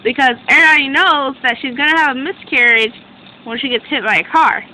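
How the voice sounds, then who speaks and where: Young woman reviewer, bright forward voice, excitable rambling chat, a bit high, faint hum behind. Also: a little fast, poor audio. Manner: excitable, rambling, self-interrupting. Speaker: drama reviewer. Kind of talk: casual chat recap.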